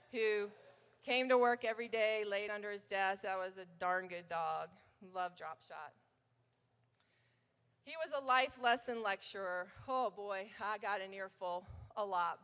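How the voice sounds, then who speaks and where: A woman's voice: mid-range voice, fairly bright tone. A middle-aged woman giving a chatty, anecdotal hall of fame acceptance speech at a banquet, telling stories about her old coach. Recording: long hall reverb.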